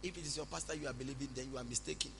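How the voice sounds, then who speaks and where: A man preaching a sermon, speaking calmly and reassuringly to his congregation. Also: mid-range voice, racing, vocal fry, noisy background. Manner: preaching, shifts from loud prayer to calm counsel. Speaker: pastor.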